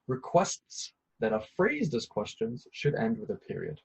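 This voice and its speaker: A man's voice: mid-range voice, wildly swooping pitch, unhurried, vocal fry, a little mellow, husky, low-quality recording. A man teaching an English grammar lesson, patiently repeating each point with a few ums and uhs.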